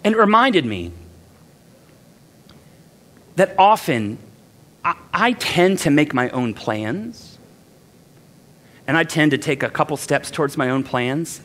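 A man's voice: mid-range voice, fairly bright tone. A man preaching a sermon as a pastor, conversational and self-deprecating, acting out the voices of the people in the text.

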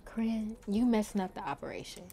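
A young adult woman doing casual let's-play commentary, chatting straight to viewers in slang and swinging from hushed whispers to loud exclamations. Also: mid-range voice, brisk, a little hiss or hum.

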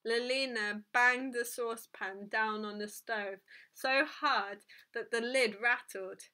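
A woman reads a children's novel aloud in a gentle, even way. Her voice sits fairly high and sounds bright and forceful. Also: slow pace. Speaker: storybook reader.

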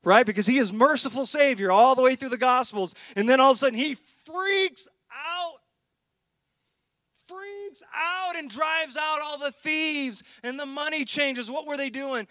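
A man pastor preaching a sermon with impassioned swings between loud emphasis and hushed intensity. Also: very high voice, unhurried, no room sound, clean studio sound. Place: church.

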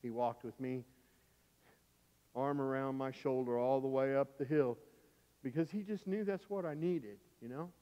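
A middle-aged male pastor preaching a sermon through a vivid personal story, swinging from loud, urgent lines to hushed ones. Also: medium pitch, moderate pace, pauses often. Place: church sanctuary. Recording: dull, echoey church recording.

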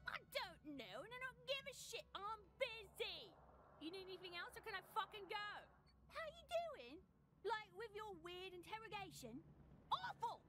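Foul-mouthed snappy alien. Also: female voice, very high-pitched, very animated, moderate pace, background noise. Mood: irritated. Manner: snappy, swearing, dismissive.

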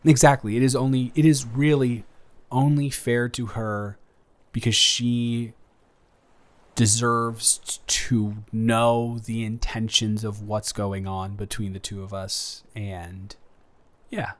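A young man playing his best friend's earnest older brother in an improvised romantic audio roleplay, speaking haltingly with many restarts. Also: medium pitch, flat delivery, close to an everyday voice. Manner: halting, hesitant, frequent restarts.

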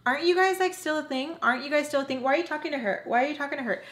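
A woman's voice: sits high, racing, fairly bright tone, echoey room, pitched above the performer's own voice. A woman voicing a nosy teenage girl who stirs up drama, repeating her pointed questions in a raised, needling voice.

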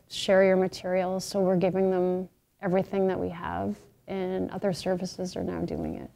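A woman who leads a paramedic peer support program, speaking earnestly and in a measured way in a documentary interview. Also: medium pitch, mellow.

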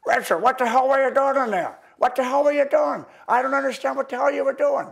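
A man putting on the voice of a gruff, dismissive old magic mentor, loud and halting. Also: very high voice, pitched above the performer's own voice. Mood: baffled. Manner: loud, halting, repeats words.

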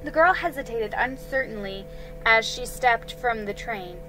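A woman reading a mystery story aloud in a calm, measured way, over background music. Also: on the high side, low-quality recording.

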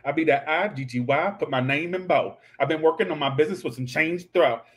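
A man's voice: on the high side, quick pace, lightly acted. A man doing a mocking, rhythmic impression of a brash woman rapper with showy fake swagger.

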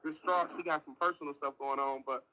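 Man with a bright, cutting voice ranting. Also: a little high, fairly even intonation, brisk, a little hiss or hum, low-quality recording. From United States. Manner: rambling, profane, exasperated. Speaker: livestreamer. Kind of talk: casual livestream chat. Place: eatery near an airport.

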